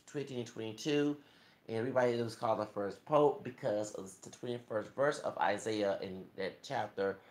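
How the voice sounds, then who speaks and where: A man from Texas with a Southern accent, a YouTuber giving an emphatic, preachy monologue that quotes scripture. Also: medium pitch. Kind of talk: impassioned monologue. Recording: echoey room.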